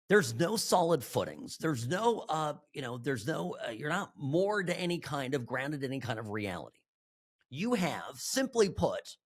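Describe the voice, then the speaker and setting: A male talk show host from Southern California delivers a political monologue in a husky voice. His pitch swings widely as he presses his points emphatically, often restarting sentences and breaking into quick asides.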